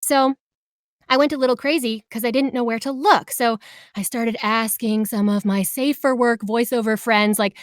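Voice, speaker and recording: A woman voice actor telling her story in a casual interview, animated and acting out quoted voices with big jumps. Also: fairly high pitch, normal speed, no room sound, clean studio sound.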